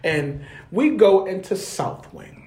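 Male co-host for a casual chat show: animated storyteller who slips into voices for the people in his story, recorded in a roomy space. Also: sits high, slow pace. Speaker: podcast co-host. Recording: roomy echo.

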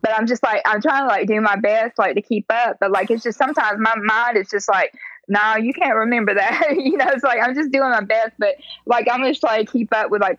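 A woman, talking haltingly as a podcast co-host with lots of filler words. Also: medium pitch, a bit bright, dry recording, lo-fi sound. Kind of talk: casual chat.

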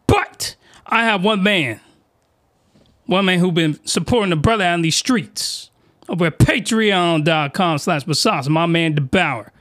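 High-pitched, excitable man ranting. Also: measured pace. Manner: excitable, slangy, shouts when worked up. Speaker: podcast host reviewing anime. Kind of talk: animated solo podcast rant. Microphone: desk microphone, close.

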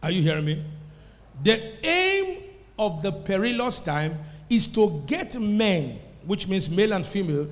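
A man's voice: high voice, sing-song, unhurried. A man preaching a sermon to a congregation, emphatic and calling for responses. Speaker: pastor. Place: church service before a congregation. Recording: echoey church hall.

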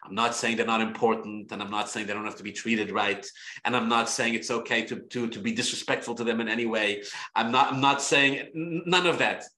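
A man, a rabbi, teaching a Torah class in an animated way, repeating himself and restarting phrases. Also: medium pitch, fairly quick, reverberant. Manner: animated, repetitive, many restarts.

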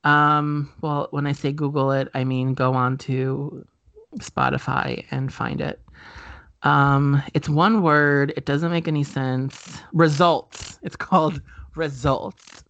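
A man's voice: on the high side, fairly even intonation, slow, fairly bright tone, no echo, highs cut off. A man co-hosting a podcast in casual chat, rambling with many fillers and self-corrections. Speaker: podcast co-host.

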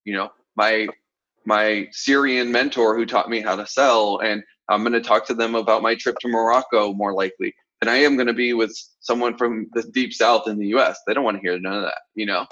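A man from the Southern US coaching confidently in a casual podcast chat, with animated asides. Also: lowish voice, a little fast, highs cut off. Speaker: sales coach, podcast co-host.

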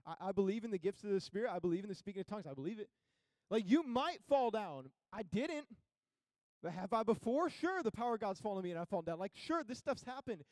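A young man preaching a sermon as pastor, conversational and casual, building to emphatic high peaks. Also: darkish tone, no room sound, studio quality.

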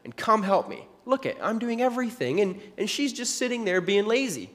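A man's voice: sits high, big pitch swings, brisk, fairly bright tone, big-room sound, pitched above the performer's own voice. A man voicing an exasperated, overworked woman hostess who complains indignantly.

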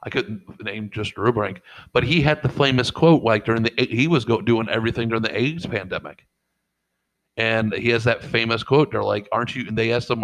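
A middle-aged man co-hosts a casual podcast, speaking a little fast with a fairly low pitch. The father rambles, curses, and acts out what people told him, captured on a low-quality recording.

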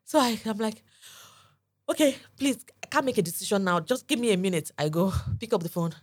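A woman's voice: mid-range voice, expressive, fairly quick, breathy edge. A woman co-hosting a podcast, telling a personal story in casual chat and acting out the quoted lines. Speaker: podcast co-host.

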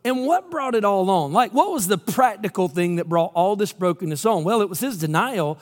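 A man's voice: high-pitched, lively intonation, moderate pace. A man from Georgia, preaching a sermon in a storytelling way and acting out the quoted lines. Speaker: pastor. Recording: long hall reverb.

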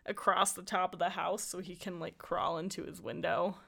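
A woman's voice: fairly low pitch, normal speed, gravelly. A woman co-hosting a casual chat, recapping a film with lots of laughs and acted-out lines. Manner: animated, laughs often, acts out lines. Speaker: podcast co-host.

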